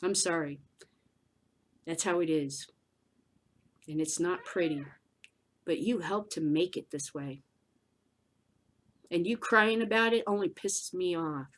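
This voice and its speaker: A woman's voice: takes it slowly, long pauses. Blunt, profane woman ranting. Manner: blunt, profane, swings between shouting and low muttering. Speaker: podcast host. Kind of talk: ranting commentary.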